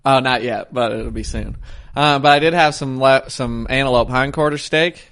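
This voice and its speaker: A man's voice: mid-range voice, moderate pace, fairly bright tone, clear, resonant tone. A man co-hosting a podcast, telling rambling, profane stories in casual chat. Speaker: podcast co-host.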